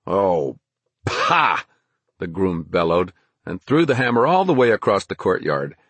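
A man narrates a storybook at a measured, even pace. His voice sits low with a husky grain. The recording is dry and close. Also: no room sound. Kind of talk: audiobook narration.

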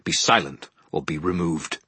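A man's voice: rumbling low, moderate pace, pushed and bright, slightly rough, no echo, full character voice. A man reading a storybook, voicing a stern old male head wizard who speaks in a ringing, commanding voice. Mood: curt.

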